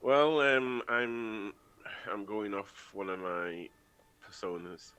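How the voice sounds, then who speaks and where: A man playing a tabletop game, hesitant and halting. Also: fairly low pitch, fairly bright tone, smooth, no room sound. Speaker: player.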